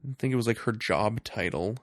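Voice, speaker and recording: A man co-hosting a casual movie review podcast, sarcastic and quick to laugh. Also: lowish voice, dry recording, clean studio sound. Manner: sarcastic, laughs often, breaks into mocking impressions. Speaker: podcast co-host.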